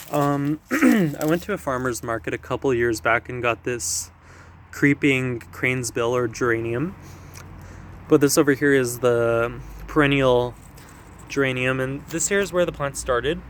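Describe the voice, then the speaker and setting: A young man gives a relaxed walking tour of his backyard garden, chatting and catching himself mid-sentence. He sounds a little out of breath from moving around. Faint outdoor noise and the odd passing plane sit behind his voice. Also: mid-range voice. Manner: chatty, self-correcting, quick little laughs. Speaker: gardener vlogger. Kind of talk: casual garden tour walkthrough.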